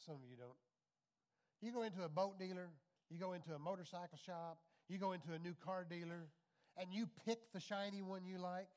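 Pastor, male, middle-aged, raised pitch, emphatic call-and-response preaching. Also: a little mellow. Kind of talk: sermon.

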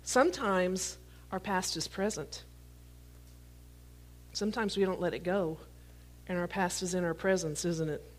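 A woman's voice: lowish voice, a little slow, long pauses. A woman preaching a sermon to a congregation, reading scripture and joking as she catches props. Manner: playful, talks to the congregation, jokes while catching props. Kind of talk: sermon with a live prop illustration.

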